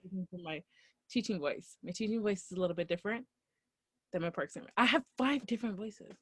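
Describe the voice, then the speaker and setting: Relaxed young woman, dry close sound. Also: mid-range voice, fast talker, breathy edge, no room sound. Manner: relaxed, laughs easily. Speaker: podcast co-host. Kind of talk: casual chat.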